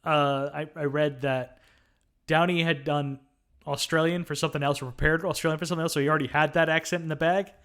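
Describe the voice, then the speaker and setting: A man with a bright, fairly high voice co-hosts a casual film podcast. He retells movie scenes at a relaxed clip, dropping in plenty of fillers along the way. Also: fast, clean tone. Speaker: podcast co-host. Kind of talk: casual film review chat.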